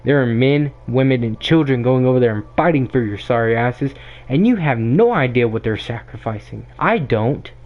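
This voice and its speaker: A young podcast host delivers an opinionated monologue, ranting bluntly and emphatically into the mic and circling back to the same ideas. His middle-pitched voice is expressive and moves at normal speed. The audio is thin and tinny, like a phone line.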